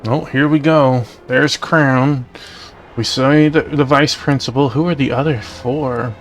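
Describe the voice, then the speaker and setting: A young man casually commenting on a game playthrough in relaxed, muttered asides. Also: medium pitch, a little slow, a little hiss or hum. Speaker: game streamer.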